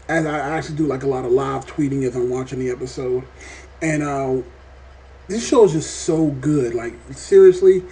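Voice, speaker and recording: A man reviewing a TV episode in a casual vlog, talking in an animated, rambling way and swearing often. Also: mid-range voice, a little hiss or hum. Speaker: TV show reviewer.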